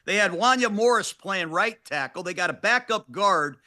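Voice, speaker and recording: A man's voice: high voice, expressive, moderate pace, bright, forceful tone. A man co-hosting a football show, giving emphatic, clipped coach-style analysis.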